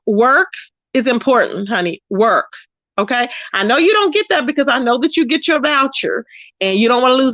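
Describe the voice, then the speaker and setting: A woman's voice: fairly high pitch, fairly bright tone, no echo, highs cut off. A woman hosting a casual gossip commentary stream, sassy and blunt, scolding people she talks about and greeting viewers by name. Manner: sassy and blunt, scolding, frequent "child, okay?". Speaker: YouTube commentary host.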